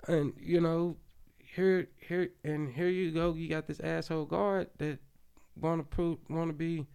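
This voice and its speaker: Gravelly man telling a rough story. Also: fairly high pitch, flat delivery, measured pace, a little mellow. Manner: loose, profane storytelling, lots of "you know what I'm saying". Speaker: podcast guest. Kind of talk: storytelling in casual chat.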